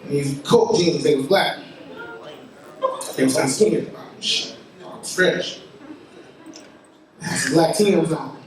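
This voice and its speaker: A man doing crude, animated stand-up comedy, jumping into high-pitched voices for the people in his stories. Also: measured pace, long pauses. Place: comedy venue with audience. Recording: far-off roomy live crowd recording.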